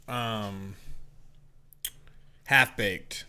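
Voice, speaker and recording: Young man, unhurried drawl, bright edge, wry laid-back co-host. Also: fairly low pitch, fairly even intonation, clean tone. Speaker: podcast co-host. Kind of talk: casual live game reaction chat.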